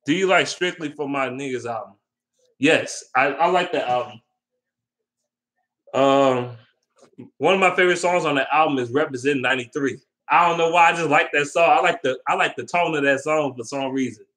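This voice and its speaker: A man's voice: fairly high pitch, moderate pace, fairly bright tone. Man ranting heatedly on his vlog. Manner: heated, profane, repetitive ranting; answers viewer questions. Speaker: vlogger. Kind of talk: casual sports rant.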